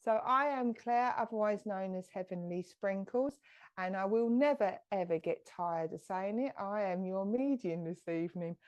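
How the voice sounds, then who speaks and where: A woman, a medium hosting a live stream, chatting brightly and greeting viewers by name. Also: mid-range voice, moderate pace, clean tone.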